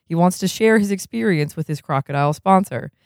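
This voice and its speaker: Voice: medium pitch, fairly quick, a little mellow, no echo, studio quality. A reader reading a novel aloud, chuckling often and breaking off for casual comments.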